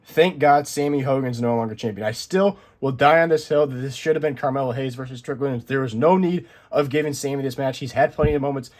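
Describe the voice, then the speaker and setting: A young man casually reviewing a wrestling show, rambling excitedly with lots of asides. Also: medium pitch, fast talker, few pauses. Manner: excited, rambling recap with many "I'm like" asides.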